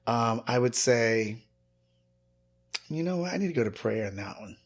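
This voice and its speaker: A man's voice: mid-range voice, animated, moderate pace. A man from the rural American South with a Southern accent, the guest author, earnestly telling a personal story and acting out the voices of people he quotes. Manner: earnest, acts out quoted voices when retelling.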